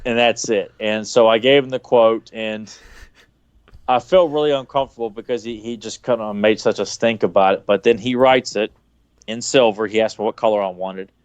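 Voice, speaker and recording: A man's voice: fairly low pitch, fairly even intonation, normal speed, clean tone, no room sound, highs cut off. A man on a podcast telling a long, rambling anecdote in casual chat, with frequent restarts. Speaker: podcast co-host.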